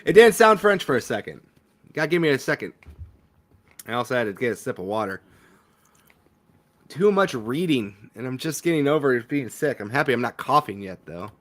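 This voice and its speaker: A man's voice: mid-range voice, sing-song, brisk, pauses often, a bit bright. A young man streaming a game, chatting animatedly and swearing freely between reading lines. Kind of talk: let's play commentary.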